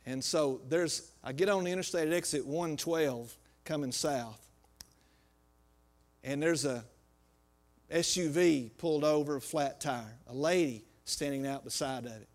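Male preacher, high-pitched, folksy, acts out his stories from quiet to loud. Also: measured pace. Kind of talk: sermon with personal story.

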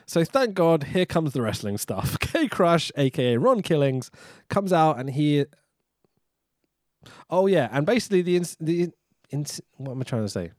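A man's voice: on the high side, big pitch swings, moderate pace, a little mellow, no room sound, studio quality. A man co-hosting a podcast, recapping with sarcasm, swearing and frequent laughter in casual chat. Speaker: podcast co-host.

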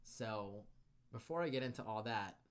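A man with a fairly low voice appears as a podcast guest, telling a story at normal speed. He's casual and animated, swearing freely and acting out what people said.

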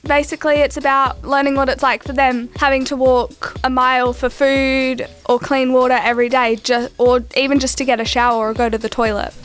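A woman's voice: high-pitched, level tone, fairly quick, hardly any pauses, a bit bright, soft background music. A young woman co-hosting a casual student radio show, talking loosely about accents and school events.

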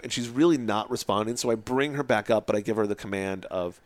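A man who works as a hypnotist, telling a story to podcast hosts in a casual, animated way. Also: on the low side, quick pace, no echo. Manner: animated, acts out other people's lines.

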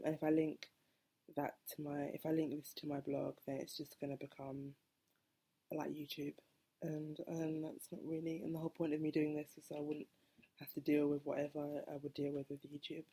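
A young woman talks through a casual solo podcast, wandering between thoughts, correcting herself and laughing as she goes. Her voice sits low and gravelly, with a husky, mellow tone. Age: 20s. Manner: rambling, self-correcting, laughs often. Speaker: podcast host.

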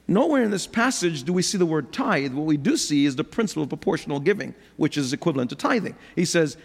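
A man's voice: on the high side, expressive, quick pace, gravelly, hardly any pauses, breathy edge. A middle-aged man preaching a sermon as pastor, driving his points home with rhetorical questions and touches of humor. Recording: long hall reverb.

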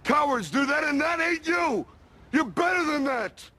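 An actor playing an aging male boxer giving a gruff, slangy pep talk in a film monologue. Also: very high voice, animated, unhurried, heavily acted. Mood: forceful. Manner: gritty, slangy, building to forceful.

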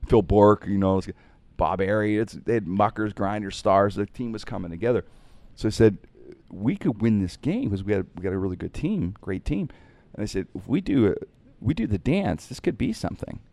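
A man spins animated anecdotes from his broadcasting days, slipping into other people's voices as he goes. His voice sits low and mellow. The sound is dry and close. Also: fairly quick, creaky, no echo. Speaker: radio broadcaster telling stories. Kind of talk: casual storytelling on a podcast.

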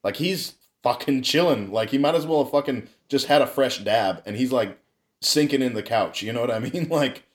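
A young man spins a loose, rambling story, swearing freely and laughing between the lines. His voice sits at an ordinary middle pitch, and his delivery is relaxed and chatty, like he's talking with friends on a podcast. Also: moderate pace. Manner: profane, rambling, laughs often. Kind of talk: casual storytelling.

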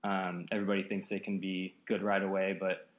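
A low-pitched, monotone man speaks a little fast in an echoey apartment, the recording's highs cut off. In his late twenties and from the Seattle area, United States, he's a podcast guest chatting casually in a rambling way, full of fillers.

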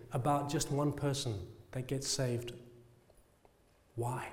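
Brief: British man, fervent preacher, fairly high voice, long hall echo. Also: lively intonation, mellow. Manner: passionate, with rhetorical questions and slow emphatic phrases. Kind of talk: sermon.

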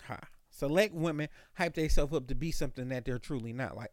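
A man's voice: mid-range voice, a little fast, few pauses, dry recording, clean studio sound. A man hosting a podcast on his own, telling stories in a loose, profane, slangy way. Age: adult, calls himself an old dog. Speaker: podcast host. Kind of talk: casual solo podcast monologue.

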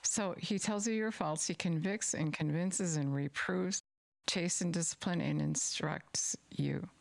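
A woman's voice: fairly low pitch, unhurried, creaky, no room sound. A middle-aged woman preaching an earnest sermon and reading scripture aloud, repeating words for emphasis.

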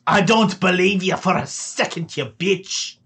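A man voicing a hostile, foul-mouthed male halfling tavern keeper who shouts and threatens. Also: high voice, measured pace, vocal fry, husky, voice pushed up, exaggerated voice. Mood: angry.

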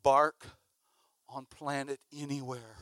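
A man preaching a sermon, telling a story with lively acted-out sounds and sudden shouts. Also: medium pitch, takes it slowly, no echo. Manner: animated, acts out sounds and shouts.

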